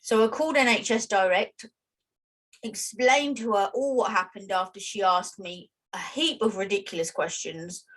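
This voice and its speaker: A British woman co-hosting a podcast, telling a story in a chatty, animated way over a remote call. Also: medium pitch, moderate pace. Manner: chatty, animated, self-deprecating. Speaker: podcast co-host. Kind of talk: casual chat, storytelling. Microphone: remote call with lag.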